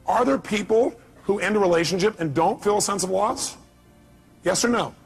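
A man's voice: high voice, normal speed, gravelly, breathy edge, faint music behind. A man giving a live motivational seminar, speaking emphatically and firing rhetorical questions at the audience.

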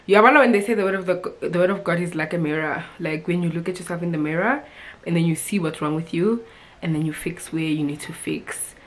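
A woman's voice: lowish voice, a little fast. A young woman from Africa, chatting casually and expressively to camera with frequent laughs and fillers. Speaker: vlogger.

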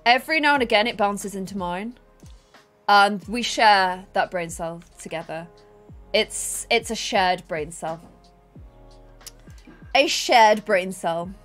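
A chatty, bubbly woman streaming a life sim game at her desk at home, talking to her viewers and her pets. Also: mid-range voice. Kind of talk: casual live-stream chat.

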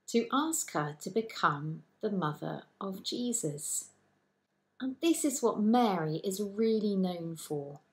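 A woman vicar giving a gentle children's talk and telling a Bible story slowly. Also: mid-range voice. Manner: gentle, slow, storyteller's delivery.

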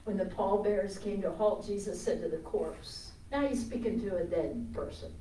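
A woman preaching a sermon with passion, swinging from loud declarations to hushed storytelling. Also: mid-range voice, moderate pace, hardly any pauses, reverberant, distant mic, a little hiss or hum, poor audio.

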